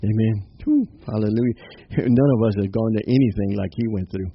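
A man's voice: lowish voice, fairly quick, slightly rough, no echo. A man giving an informal, upbeat devotional sermon, quoting scripture, laughing and punctuating lines with amen. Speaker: preacher. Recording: slightly dull lo-fi recording with faint noise.

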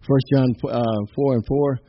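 Male preacher, sermon, mid-pitched voice, amens and hallelujahs, repeats words, dull recording, faint hiss. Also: steady tone, a little slow. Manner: punctuates phrases with "amen" and "hallelujah".

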